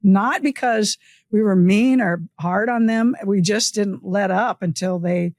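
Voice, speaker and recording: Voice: medium pitch, measured pace, a little mellow, no room sound. An interviewer and former coach, reminiscing casually and asking about a guest's career, often laughing.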